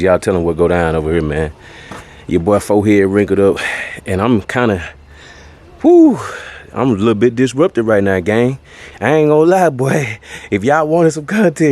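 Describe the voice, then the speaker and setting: A man's voice: low-pitched, darkish tone. A man vlogging casually outdoors by his cars, slangy and a little out of breath, tacking "man" and "y'all" onto his lines. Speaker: car audio vlogger. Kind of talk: casual vlog talk. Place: outdoors by cars in a front yard.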